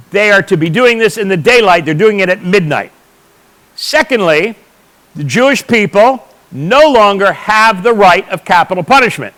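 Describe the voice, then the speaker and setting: A man's voice: high-pitched, fairly bright tone, poor audio. A man teaching a church audience, explaining points emphatically and answering his own questions. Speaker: Bible teacher.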